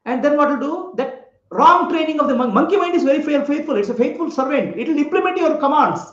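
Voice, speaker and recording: A man's voice: extremely high pitch, lively intonation, quick pace, a bit bright. A man giving a spiritual talk, telling a parable, asking his listeners questions and often laughing. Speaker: spiritual teacher. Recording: echoey room, slightly dull lo-fi sound.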